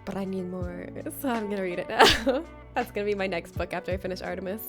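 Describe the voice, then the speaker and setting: A woman's voice: medium pitch, quick pace, music in the background. A woman livestreaming a game, chatting casually with viewers, rambling and giggling often.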